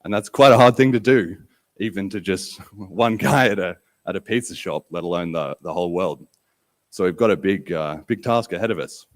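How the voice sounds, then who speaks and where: A man with a deep, low voice emcees a live conference from the stage. He tells a chatty story to the audience, full of loose fillers and restarts. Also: normal speed, no room sound. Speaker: podcast host and event MC. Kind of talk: live conference opening talk. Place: event stage before an audience.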